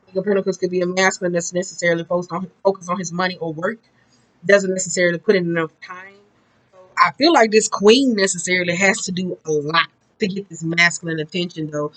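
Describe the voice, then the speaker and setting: A woman's voice: on the low side, fairly bright tone, low-quality recording. Woman tarot reader, casual and blunt, swears freely, loose rambling delivery. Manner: blunt and profane, chatty and rambling. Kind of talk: casual tarot card reading.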